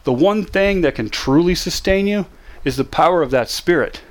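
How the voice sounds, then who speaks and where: A man teaches how to manage depression, addressing the listener directly and repeating short, emphatic commands. It's a motivational teaching talk, delivered in a fairly high, animated voice at a moderate pace.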